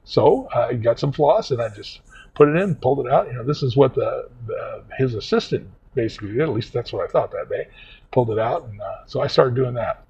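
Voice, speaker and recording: An older man telling a long, meandering personal story in casual vlog talk, halting often with fillers. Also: medium pitch, expressive, a little mellow, breathy edge, lo-fi sound. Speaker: vlog host.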